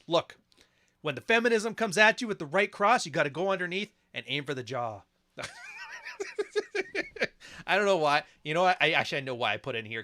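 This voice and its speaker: Male podcast host, bright punchy voice, crude joking reaction commentary. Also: fairly high pitch. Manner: crude, joking, frequently laughing.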